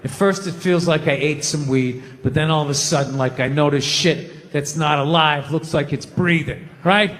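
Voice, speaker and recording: Stand-up comic, 50s, profane rant, high bright voice, reverberant hall. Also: male voice. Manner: profane, ranting, rapid-fire delivery. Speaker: stand-up comedian. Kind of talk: stand-up comedy set. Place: large venue on stage. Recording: reverberant hall with live audience.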